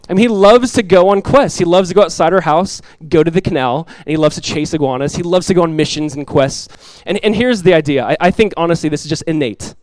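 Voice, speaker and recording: A man in his thirties, a pastor giving a sermon in a relaxed, conversational way, telling stories with asides. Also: sits high, no echo, rough recording. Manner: conversational, animated storytelling with asides.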